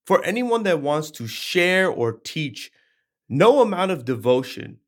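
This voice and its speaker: A man in his twenties reading a scripture chapter aloud and commenting on it in an emphatic, casual, slangy way. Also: medium pitch. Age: 20s. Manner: animated, emphatic, slangy asides.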